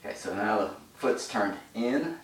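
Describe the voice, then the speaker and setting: A man talks through a stretching routine while holding each position, his low voice breaking into short phrases as he catches his breath. He sounds winded from the effort. The mic sits far from him in an echoey room, with faint ambient noise behind. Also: expressive, moderate pace. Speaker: stretching instructor. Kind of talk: instructional demonstration.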